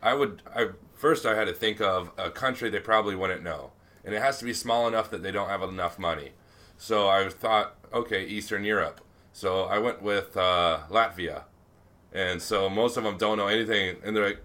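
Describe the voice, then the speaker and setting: Low, bright-voiced profane podcast guy. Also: moderate pace. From United States. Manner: profane, rambling storyteller. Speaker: podcast co-host. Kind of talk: casual chat.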